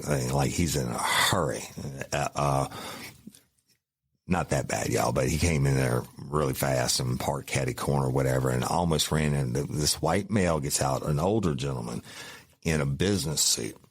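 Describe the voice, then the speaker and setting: A man's voice: extremely low pitch, no room sound. A middle-aged man, a former cop hosting a podcast, telling a profane, folksy story and calling listeners y'all. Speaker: podcast host, former police officer. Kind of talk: casual storytelling.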